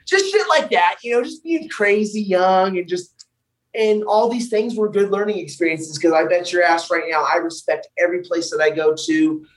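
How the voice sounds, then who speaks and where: A young man, a wrestler, telling wild road stories on a podcast in a loud, profane, animated way. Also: high-pitched, normal speed, recorded from a distance, poor audio. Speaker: wrestler guest. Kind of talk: casual podcast storytelling.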